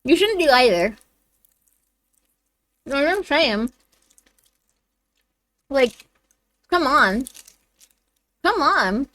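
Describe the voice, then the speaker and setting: A woman's voice: sits high, big pitch swings, drawn-out words, long pauses, fairly bright tone, no room sound, low-quality recording. A woman streamer chatting casually while watching game trailers, rambling and talking to her cat. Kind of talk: casual livestream chat.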